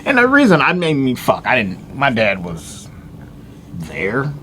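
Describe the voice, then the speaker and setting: A man co-hosting a comedy podcast, talking bluntly and profanely, dropping his voice low about his absent father. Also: huge pitch swings, unhurried, bright, forceful tone, slight background noise. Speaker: podcast co-host. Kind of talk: casual comedy podcast chat.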